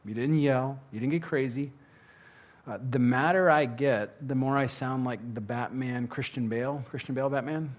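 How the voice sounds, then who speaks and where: A man's voice: mid-range voice, normal speed. Man answering audience questions at a talk. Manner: conversational, joking, restarts often. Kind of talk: live Q&A talk.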